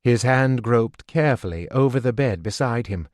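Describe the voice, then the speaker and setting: Male audiobook narrator, mid-pitched, measured and steady; dead-dry close studio read. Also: dry recording. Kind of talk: scripted narration.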